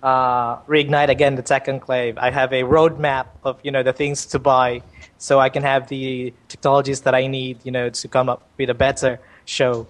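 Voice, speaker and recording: A man chatting as a podcast guest, friendly and hesitant, with many restarts and pauses. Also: mid-range voice, little pitch movement. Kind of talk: casual chat.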